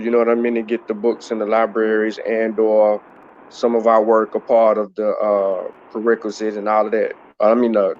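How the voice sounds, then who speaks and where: A man's voice: lowish voice, darkish tone, dull audio, slight background noise. A man hosting a casual livestream discussion, rambling with many restarts and filler phrases. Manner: rambling, many restarts and "you know what I mean". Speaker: host.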